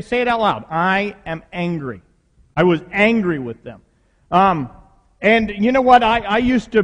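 A pastor with a high voice delivers a sermon in a reverberant hall, preaching conversationally and using rhetorical questions.

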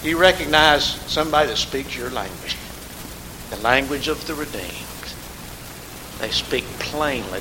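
A man preaching a sermon, rising to emphatic call-and-response and calling on congregation members by name. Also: mid-range voice. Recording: hissy recording in a reverberant hall.

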